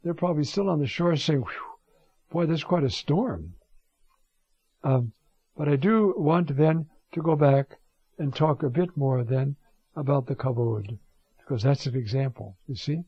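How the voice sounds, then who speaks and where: A man's voice: mid-range voice, normal speed, slightly rough, no room sound. A man giving a Bible lecture, reading passages and explaining them with frequent asides and restarts. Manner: animated, many "you see" asides and restarts. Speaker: Bible teacher. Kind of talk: scripture lecture. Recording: dull lo-fi dry recording.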